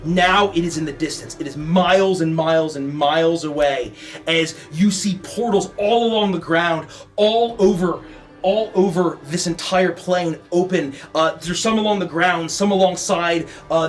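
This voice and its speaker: Man narrating as game master, halting. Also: fairly high pitch. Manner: descriptive narration with many ums and restarts.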